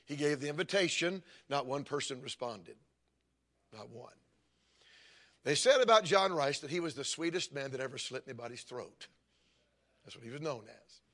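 An older man preaching a sermon, telling stories and building to emphatic, forceful points. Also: medium pitch, expressive, normal speed, pauses often. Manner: storytelling preacher, rising to emphatic calls. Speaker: pastor.

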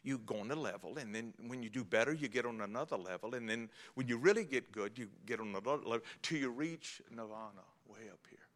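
A preacher putting on a hushed, earnest believer. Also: male voice, medium pitch, animated, quick pace, few pauses, lightly acted. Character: soft-spoken man explaining his gentle faith.

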